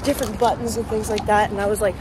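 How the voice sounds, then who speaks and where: A woman's voice: mid-range voice, level tone, quick pace, background noise. A young woman from Canada, a musician talking casually to her vlog camera, chatty and self-mocking. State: rough throat. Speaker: musician vlogger.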